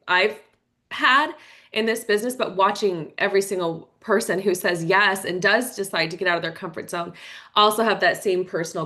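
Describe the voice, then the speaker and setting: A woman closing a team video call, tearful and emotional, speaking haltingly with fillers. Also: mid-range voice, sharp tone. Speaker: team leader.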